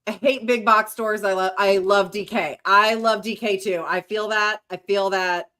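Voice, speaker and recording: A woman's voice: mid-range voice, steady tone, moderate pace, pushed and bright. Chatty woman reading comments. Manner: chatty, reads viewer comments aloud. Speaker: host. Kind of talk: casual livestream chat.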